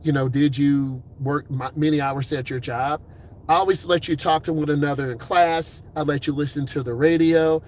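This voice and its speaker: A man's voice: fairly high pitch, steady tone, a little mellow, slight background noise. Upbeat, encouraging male driving instructor. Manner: upbeat, encouraging, puts on quick voices for quoted people. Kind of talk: casual advice talk to camera.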